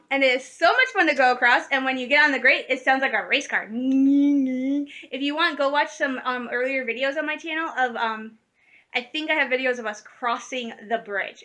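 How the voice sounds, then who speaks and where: A woman from Michigan, USA, with a high, sharp-toned voice chats in a casual vlog. She rambles, laughs often, and corrects herself mid-sentence.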